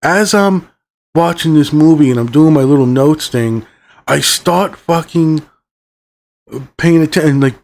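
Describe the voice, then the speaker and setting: A middle-aged man hosting a movie review channel, ranting in a heated, rambling way and swearing often. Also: fairly high pitch.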